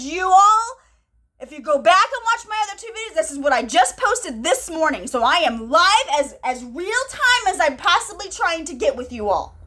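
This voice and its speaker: A woman talking live to her viewers about her spiritual experiences. She talks excitedly, repeats phrases and acts out the conversations she recounts. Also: extremely high pitch. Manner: excited, breathless, repeats herself, tells stories with quoted dialogue. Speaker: spiritual channel host.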